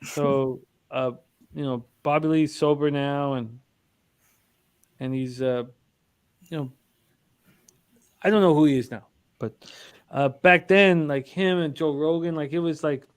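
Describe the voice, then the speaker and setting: Rambling casual man, slightly high voice. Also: measured pace, pauses often, smooth. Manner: rambling anecdotes with many fillers. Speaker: sports betting show host. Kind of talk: casual chat, storytelling.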